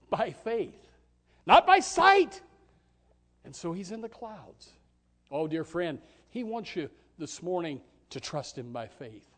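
Impassioned high-voiced preacher man. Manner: impassioned, swings between loud exclamations and hushed lines; repeats words at the start of phrases. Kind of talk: sermon.

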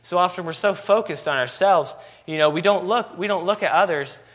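A man's voice: high-pitched, a little fast, fairly bright tone. A man preaching a sermon, asking repeated rhetorical questions with constant "you know" fillers.

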